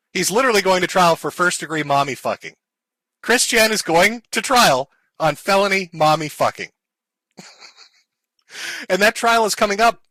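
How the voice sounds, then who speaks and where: A man's voice: fairly high pitch, bright, forceful tone, no room sound. A man ranting and mocking on a live stream, swearing and sarcastic.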